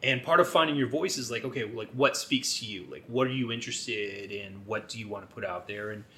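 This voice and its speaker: A man's voice: medium pitch, fairly quick, bright, forceful tone. A man co-hosting a podcast in a casual chat, laid-back, swearing freely and often laughing as he talks. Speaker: podcast co-host.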